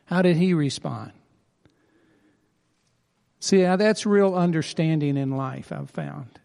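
A man's voice: fairly high pitch, takes it slowly, vocal fry, a little mellow, big-room sound. A man preaching a sermon as pastor, earnest and emphatic, repeating key phrases for weight.

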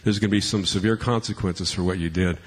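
A deep, husky-voiced man speaks quickly and fairly evenly as he shares humorous family anecdotes with an audience, self-deprecating and chatty, restarting his sentences often. The large hall adds long reverb to this storytelling talk.

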